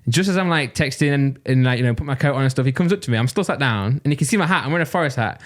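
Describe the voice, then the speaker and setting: A young man from Nottingham, England, with the accent to match, co-hosts a casual podcast, rattling off a rambling story and laughing throughout. His medium-pitched voice is expressive and rapid-fire.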